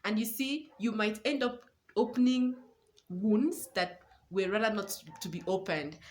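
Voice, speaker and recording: A young woman, a new mother and parenting coach, giving earnest advice to camera and repeating words for stress. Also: mid-range voice. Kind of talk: casual advice talk to camera.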